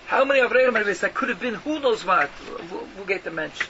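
Guy with a high voice preaching a torah talk, keeps hammering rhetorical questions, dull recording w noise behind. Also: animated, quick pace. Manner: emphatic, rhetorical questioning, mixes Yiddish and Hebrew terms. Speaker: rabbi giving a Torah talk. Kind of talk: Yiddish-inflected yeshiva lecture. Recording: muffled lo-fi recording with noticeable background noise.

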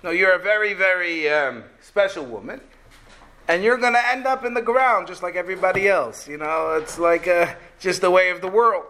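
A man's voice: sits high, moderate pace, pushed and bright. A man voicing a wise old rabbi in a told story, explaining patiently and matter-of-factly.

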